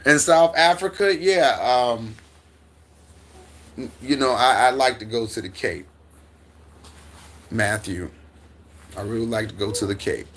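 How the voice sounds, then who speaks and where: A man's voice: medium pitch, unhurried, long pauses, fairly bright tone. A middle-aged man from the United States hosting a casual livestream from home, answering chat in a rambling way with stammers, restarts and chuckles. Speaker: livestream host reading chat. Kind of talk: casual live-stream chat. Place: at home with his dog.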